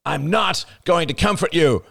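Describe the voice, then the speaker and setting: A man's voice: a little high, a little slow, gravelly, a bit bright, voice pushed up, exaggerated voice. A man doing a gasping panicked young man. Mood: snapping. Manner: gasping, strained.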